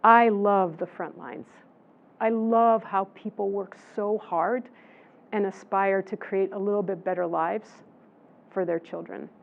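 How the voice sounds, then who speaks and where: A woman's voice: medium pitch, fairly even intonation, a little slow, vocal fry. A woman in her sixties, a professor answering audience questions in an emphatic, conversational lecture manner that drives points home by repeating them. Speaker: professor and guest speaker. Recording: tinny phone-like recording.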